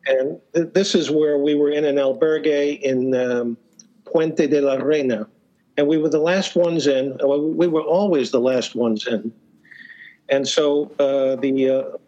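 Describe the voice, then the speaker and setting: A man's voice: a little high, mellow, highs cut off. Man telling stories with many fillers. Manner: hesitant, many fillers and restarts; chuckles while telling stories. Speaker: podcast guest, author. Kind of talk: casual storytelling interview.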